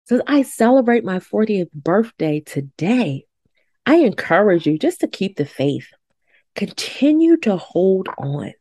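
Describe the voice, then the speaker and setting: A woman's voice: mid-range voice, sing-song, unhurried, dark tone, no room sound, studio quality. A woman in her forties hosting a podcast, talking in a heartfelt, emphatic way and repeating affirmations. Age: 40s. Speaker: podcast host. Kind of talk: personal reflective podcast talk.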